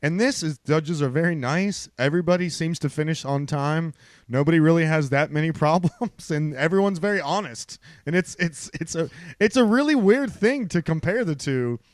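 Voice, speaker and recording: A man's voice: fairly high pitch, expressive, moderate pace, no room sound, studio quality. An American man co-hosting a casual podcast, rambling and laughing often, with plenty of swearing. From United States. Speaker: podcast co-host. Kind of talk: casual banter.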